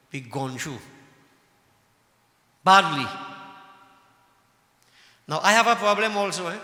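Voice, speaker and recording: A man preaches to his devotees in a high, very bright voice, scolding and impassioned, firing off rhetorical questions. His sermon rings through a roomy temple hall with a long reverb tail. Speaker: religious leader addressing devotees.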